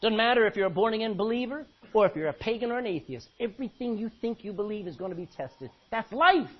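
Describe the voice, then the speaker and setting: A man preaching a sermon with animated delivery, swinging from quiet to loud. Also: high voice, fast talker, breathy edge, highs cut off.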